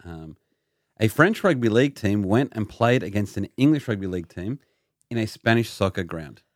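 Male podcast host, low voice, playful quizmaster energy. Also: expressive, normal speed, dry recording, studio quality. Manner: playful, quizzing his co-hosts. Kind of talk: casual chat.

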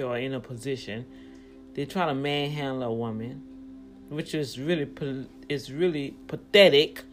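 Woman, vlogger, casual commentary, rambling, emphatic, talks to viewers. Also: low voice. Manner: rambling, talks things through aloud, addresses viewers directly; emphatic when riled up.

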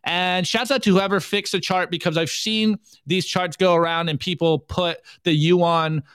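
Chatty male host with a smooth voice. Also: sits high, steady tone, a bit bright, no room sound. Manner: chatty, reading memes aloud with quick asides. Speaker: show host. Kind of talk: casual livestream commentary.

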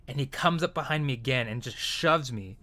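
A man's voice: medium pitch, fairly quick, bright, forceful tone. Casual male storyteller, rambling and profane, venting about work. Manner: rambling, profane, frequent fillers and restarts. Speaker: retail worker telling a story. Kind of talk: casual chat.

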